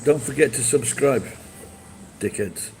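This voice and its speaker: A man's voice: medium pitch, a little slow, a little mellow, a little hiss or hum, poor audio. A man live streaming and chatting with viewers, blunt and profane as he berates them.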